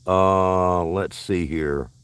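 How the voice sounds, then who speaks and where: A man's voice: low voice, fairly even intonation, extremely slow, a bit bright, smooth. A man from Alabama with a Southern accent, hosting a casual, rambling livestream chat outdoors at a park in a folksy way. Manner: folksy, rambling, self-interrupting. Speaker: livestream host.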